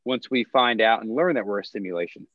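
A man co-hosting a podcast in casual chat, rambling with lots of fillers and quick chuckles. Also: lowish voice, no echo, lo-fi sound. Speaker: podcast co-host.

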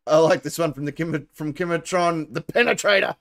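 A man's voice: on the high side, fairly quick, fairly bright tone. A man hosting a casual live comedy show, laughing often and handing out points. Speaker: host.

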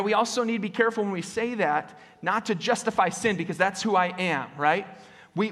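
A pastor delivers a casual sermon in a rather high male voice, breaking up his points with tag questions and quick restarts. The sound carries the long reverb of a church hall. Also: fairly bright tone. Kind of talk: conversational sermon. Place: church sanctuary.

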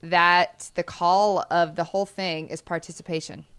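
Woman co-host, earnest and rambling, lowish voice, dry close sound. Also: fairly even intonation, moderate pace, fairly bright tone, smooth, no room sound. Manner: rambling, earnest, laughs easily. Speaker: podcast co-host. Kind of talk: casual podcast chat.

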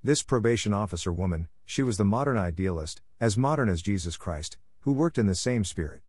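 Low-voiced man narrating a novel. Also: expressive, a little fast, darkish tone, husky. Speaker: audiobook narrator. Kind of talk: scripted narration.

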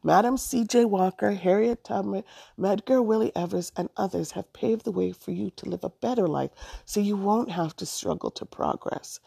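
A firm, wise older Southern woman who patiently instructs a young girl, as a woman reading a story puts her on. The voice is low and mellow, with a heavy gravelly fry and a husky edge. It is recorded dry. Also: normal speed, no echo.

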